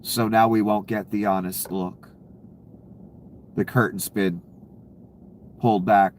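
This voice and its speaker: A man's voice: fairly low pitch, little pitch movement, slow pace, darkish tone, slight background noise. Sarcastic ranting man. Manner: ranting, sarcastic, laughs at his own jokes. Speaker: political commentator. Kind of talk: casual profane commentary.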